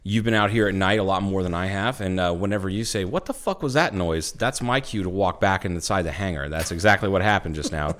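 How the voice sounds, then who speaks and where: A deep, smooth-voiced man, talking loosely and rambling. He restarts his sentences often and swears freely while he tells a story to his co-host in a casual podcast chat. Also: quick pace, hardly any pauses, a bit bright. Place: airplane hangar at night.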